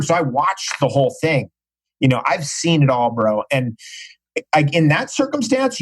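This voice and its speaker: A man's voice: fairly high pitch, breathy edge, low-quality recording. A man speaking as a podcast guest in casual interview talk, emphatic and repeating phrases for stress.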